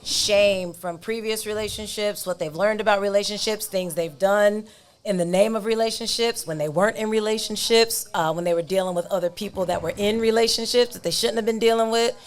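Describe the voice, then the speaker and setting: Woman therapist guest on a podcast, calm and explanatory, laughs easily. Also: medium pitch, a little fast. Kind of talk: casual podcast chat.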